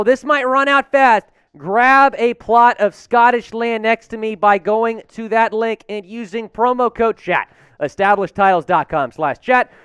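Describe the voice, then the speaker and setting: Hyped male sports stream host, high and smooth voice, dry close sound. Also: no room sound. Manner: hyped, shouting out viewers' names. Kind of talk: live sports stream reaction.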